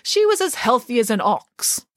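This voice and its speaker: A woman's voice: a little high, very animated, normal speed, no room sound, clean studio sound. A woman reading a storybook aloud, voicing a self-assured female pig nanny who speaks grandly and emphatically. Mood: emphatic.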